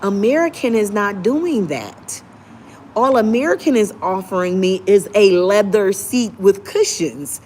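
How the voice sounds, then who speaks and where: A young woman gives an emphatic, opinionated rant straight to the camera, now and then dropping into a soft, polite customer-service voice. Her pitch sits mid-range for a woman. A faint hiss of noise runs underneath. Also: unhurried. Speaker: travel vlogger.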